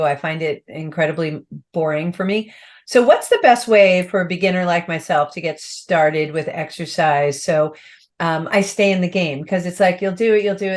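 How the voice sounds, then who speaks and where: A woman hosting an interview, asking questions in an enthusiastic, chatty way. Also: fairly low pitch. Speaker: host. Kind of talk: interview questions, casual chat.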